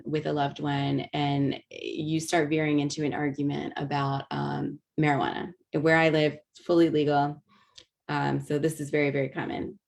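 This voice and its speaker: A woman with a low voice and a gravelly edge leads an online teaching webinar through a video call mic. She explains step by step, with plenty of ums and restarted phrases. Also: a little mellow. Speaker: workshop presenter.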